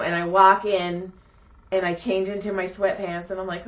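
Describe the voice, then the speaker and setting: A woman in her thirties co-hosting a podcast, telling stories in a lively, profane way and acting out the people she quotes. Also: medium pitch, moderate pace, dull audio. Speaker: podcast co-host. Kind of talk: casual storytelling chat.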